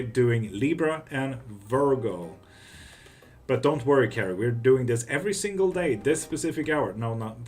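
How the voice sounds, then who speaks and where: A man hosting a live tarot stream, casually chatting, swearing freely and answering viewers' messages. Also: lowish voice. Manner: relaxed, swears freely, greets and answers chat. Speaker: tarot reader and livestream host.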